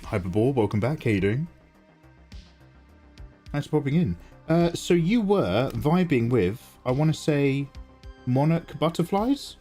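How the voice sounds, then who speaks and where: Chatty, animated male art streamer. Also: medium pitch, unhurried, long pauses. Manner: chatty, playfully snarky, greets viewers by name. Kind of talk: casual live-stream chat while drawing. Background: faint synth music.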